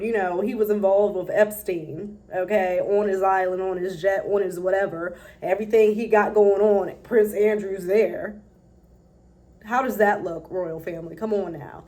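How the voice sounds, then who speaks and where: A woman giving casual, blunt celebrity gossip commentary, animated and full of profanity. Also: mid-range voice, measured pace. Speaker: commentary vlogger.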